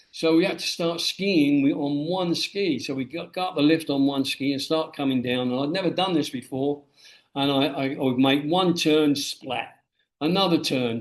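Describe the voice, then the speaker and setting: A man with a slightly high voice tells his life stories with energy, slipping into the voices of the people he quotes. His speech sits in a noticeably echoey room. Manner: animated storyteller who acts out quoted dialogue. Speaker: guest, memoir author. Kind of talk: storytelling interview answer. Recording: roomy echo.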